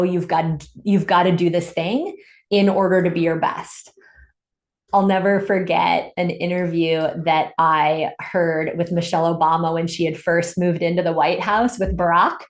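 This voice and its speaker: An upbeat woman coach talks through a live webinar in a slightly low voice, cheering on her listeners and reading their comments back to them. She sounds roomy and echoey, recorded over a video call. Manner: upbeat, encouraging, reads chat comments aloud. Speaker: summit host and business coach. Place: home in Santa Cruz. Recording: echoey room.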